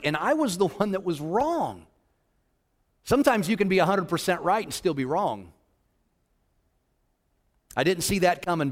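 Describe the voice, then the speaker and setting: A man preaching a personal story to a congregation, animated and acting out what people said. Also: long reverb tail. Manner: animated, acts out quotes with big pitch swings. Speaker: children's ministry leader. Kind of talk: sermon storytelling.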